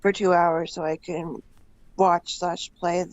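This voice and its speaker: A woman's voice: on the low side, level tone, slow pace. A woman calling in to a trivia show, sleepy after just waking up. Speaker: caller. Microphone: call-in line. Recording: dull dry call audio.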